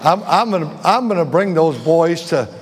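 A man's voice: a little high, lively intonation, normal speed. An older man pastor telling a rambling, chuckling story from the pulpit during an informal sermon, often restarting his sentences. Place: church sanctuary. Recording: long reverb of a large church hall.

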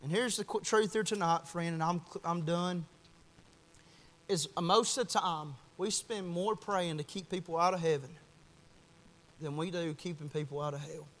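Young preacher, bright and ringing, impassioned delivery with a long church echo. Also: male voice, on the high side, steady tone, moderate pace. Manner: impassioned, swings from shouting to hushed. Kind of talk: fiery sermon. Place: church at a Wednesday night service.

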